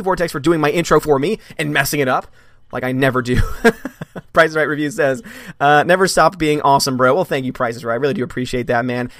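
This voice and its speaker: A man hosts a live movie stream, greeting his chat with animated, friendly energy. His voice sits a little high for a man. The sound is close and dry, with no room echo. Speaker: movie blog host. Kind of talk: live stream chat, reading viewer comments.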